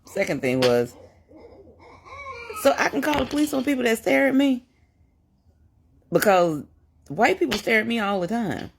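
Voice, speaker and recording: A woman's voice: a little high, big pitch swings, moderate pace, gravelly, pauses often. A woman reacts to a news clip in casual commentary. Her tone is amused and sarcastic. Faint noise sits behind her voice. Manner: amused, sarcastic, laughing at times.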